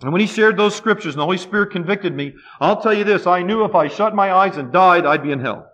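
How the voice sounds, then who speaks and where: Middle-aged male preacher, high voice, fervent and repetitive, muffled lo-fi sermon tape. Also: fast talker. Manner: fervent, repetitive, often dropping to a near hush. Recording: dull lo-fi sermon recording.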